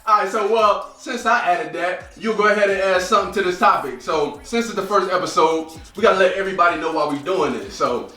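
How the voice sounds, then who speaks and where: A man banters on a podcast in a playful, teasing way, and his high voice sounds bright. He sits back from the microphone in a roomy, echoing space. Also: a little fast, hardly any pauses, distant mic, soft background music. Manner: playful, teasing, often laughing. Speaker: podcast co-host. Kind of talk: casual banter. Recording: echoey room, voice away from mic.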